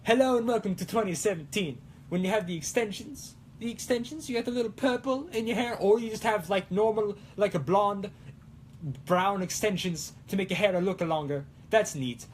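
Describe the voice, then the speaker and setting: A young man hosts a casual cosplay livestream in a high-sitting voice at normal speed, with a faint hiss or hum in the background. Goofy and self-mocking, he rambles through viewer comments in a hammy, put-on Italian accent.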